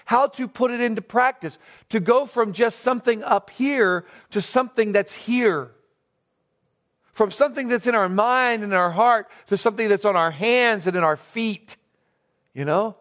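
High-voiced male preacher, earnest and slow-stressed. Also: a bit bright. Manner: earnest, stresses key words slowly, asks rhetorical questions. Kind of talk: sermon.

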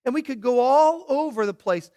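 A preacher with a very high voice delivers a sermon. He works through his points one by one and hits key words hard. Between those stresses he drops to hushed, searching questions. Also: moderate pace. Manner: emphatic, swinging from shouted stresses to hushed questions; teaching in numbered points. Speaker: pastor.

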